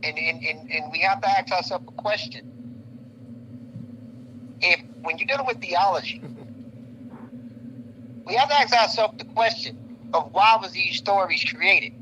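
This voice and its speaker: A man's voice: sits high, a little slow, long pauses, bright, forceful tone, a little hiss or hum, low-quality recording. A man talking in a casual discussion, earnestly arguing through rhetorical questions.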